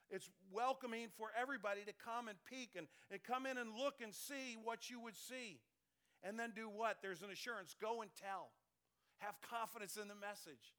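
A man in his fifties preaching a sermon as pastor, conversational and animated, often dropping to a soft calm voice. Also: high-pitched, moderate pace, clear, resonant tone. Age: 50s.

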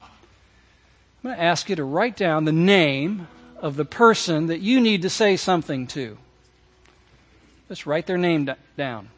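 High-voiced male pastor preaching earnestly. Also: animated, unhurried, long pauses, soft background music. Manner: earnest preaching with repeated phrases; addresses the congregation directly. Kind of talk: sermon. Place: church service.

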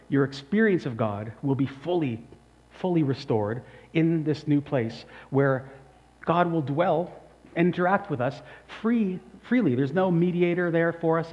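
Young male pastor, fairly high voice, chatty lively sermon delivery, muffled lo-fi recording. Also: a little slow, in a large hall. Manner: conversational, animated preaching with asides and self-corrections. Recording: dull lo-fi sound.

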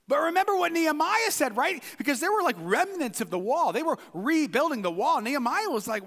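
A man's voice: very high-pitched, big pitch swings, brisk, few pauses, fairly bright tone. A man preaching a sermon as pastor, emphatic and repeating phrases for emphasis. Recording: long hall reverb.

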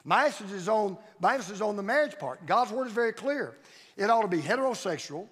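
A man's voice: high-pitched, expressive, quick pace, a bit bright, husky, in a large hall. A man preaching a sermon as pastor in a church, building his points through emphatic, repeated phrases. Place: church sanctuary.

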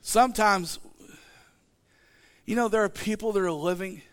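High-pitched animated male preacher. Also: a little slow. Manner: animated, acting out the disciples' voices, rising to shouts; emphatic repetition and rhetorical questions. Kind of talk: sermon.

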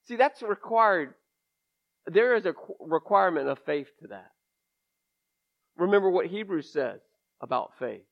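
A pastor with a high, light voice delivers a conversational sermon, folksy and candid, leaning into emphatic asides. The recording sounds dull and lo-fi, with the top end rolled off, as if captured in a church sanctuary. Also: male voice, expressive, unhurried, vocal fry, long pauses.

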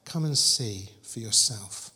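A man's voice: on the low side, animated, takes it slowly, bright, forceful tone. A man preaching a sermon, telling stories in a conversational, humorous way. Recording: long hall reverb.

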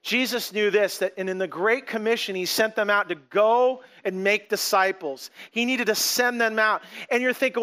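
Casting: middle-aged male pastor, high bright voice, animated conversational sermon. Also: moderate pace, hardly any pauses, smooth. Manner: animated, conversational preaching with acted quotes.

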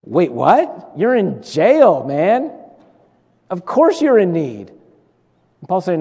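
A man's voice: high-pitched, lively intonation, measured pace, darkish tone. A man delivers a sermon in a church. His voice carries a long reverb through the hall. He preaches conversationally, with humor, repetition and asides to the congregation. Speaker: pastor. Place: church sanctuary.

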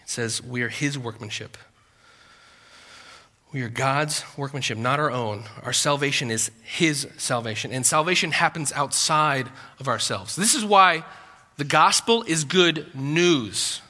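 A man's voice: mid-range voice, expressive, unhurried, pushed and bright, in a large hall. A man preaching a sermon as a pastor, conversational, with asides and repeated words.

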